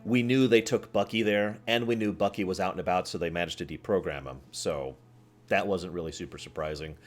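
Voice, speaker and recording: A man streaming, chatting casually with his viewers in a rambling, animated way, often laughing and acting out scenes. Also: sits low, brisk, faint music behind. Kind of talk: casual chat with live chat.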